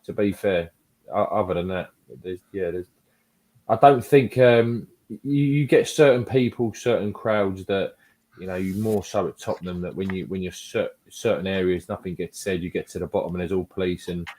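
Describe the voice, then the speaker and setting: A man with a very deep voice chats as a guest on a casual fan podcast. His talk is easygoing and rambling. He leans on filler phrases as he goes. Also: moderate pace, a little mellow. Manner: easygoing, rambling, peppered with "to be fair" and "you know". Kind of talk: casual chat.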